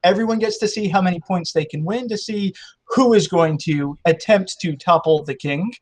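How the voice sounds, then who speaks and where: A man's voice: high-pitched, normal speed. A man hosting a casual game show podcast, joking with a playful, mock-grand showman manner.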